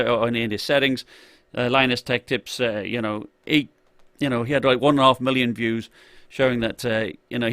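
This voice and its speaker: A man's voice: medium pitch, fairly bright tone. A man hosting a casual live stream about tech gear, talking in loose, rambling runs full of "uh" and "you know". He keeps breaking off to greet viewers by name from the chat. His voice sounds dry, with no room echo. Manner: rambling, lots of fillers and restarts.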